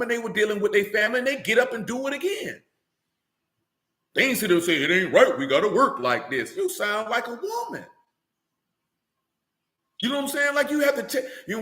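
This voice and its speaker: A man's voice: high-pitched, a bit bright. Blunt, preachy man in an echoey room. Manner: blunt, profane, preachy, street slang; keeps asking "you know what I'm saying". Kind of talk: streamed sermon-style rant.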